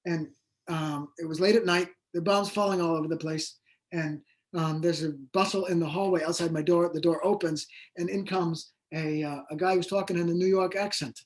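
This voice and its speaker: A man's voice: on the high side, fairly even intonation, moderate pace. A man who is an author guest in an interview, telling his story in a rambling, hesitant way with many fillers. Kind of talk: conversational interview.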